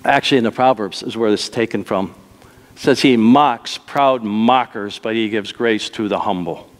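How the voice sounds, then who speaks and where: A man's voice: on the low side, normal speed. A male pastor delivering an emphatic sermon, repeating key phrases and slipping into acted quotes. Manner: emphatic preaching with dramatic acted quotes and repetitions. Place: church sanctuary. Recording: long church hall reverb.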